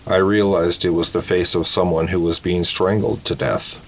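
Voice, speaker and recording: A man narrating short horror stories in a slow, measured storytelling voice. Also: low voice, steady tone, slight background noise, rough recording.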